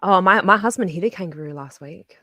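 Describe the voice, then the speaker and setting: An easygoing Australian woman guesting on a livestream, her voice sitting a touch low. She drifts through stories with relaxed fillers. The sound is dry and close. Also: dry recording. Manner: easygoing, drawn-out phrasing with fillers. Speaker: guest, photographer. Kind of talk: casual livestream chat.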